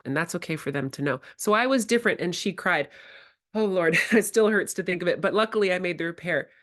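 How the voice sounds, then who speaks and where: A woman's voice: lowish voice, fast talker, a bit bright. Woman presenting a candid teaching workshop. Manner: reflective, candid, acts out her own quoted words.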